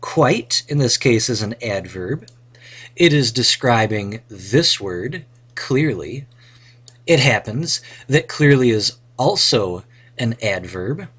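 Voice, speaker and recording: A man's voice: mid-range voice, animated, takes it slowly, a bit bright, husky. A man teaching a grammar lesson, reading example sentences with playful, dramatic flair. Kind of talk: recorded grammar lesson narration.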